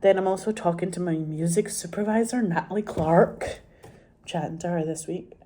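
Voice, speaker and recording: Scottish woman vlogger, low mellow voice, loose sweary ramble. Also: moderate pace. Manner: swears freely, rambling and animated. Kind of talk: casual chat to camera.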